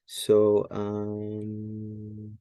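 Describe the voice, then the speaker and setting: A man's voice: on the low side, monotone, drawn-out words, no room sound, highs cut off, faint music behind. A man teaching a Greek grammar lesson in a casual, think-aloud way, often correcting himself and using many fillers. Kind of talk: casual screen-share lesson.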